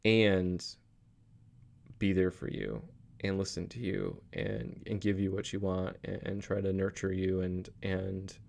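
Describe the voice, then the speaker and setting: Earnest father rambling with a low voice. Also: vocal fry, warm tone. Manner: rambling, earnest, many restarts and fillers. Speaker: father vlogging a daily reflection. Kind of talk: casual reflective monologue.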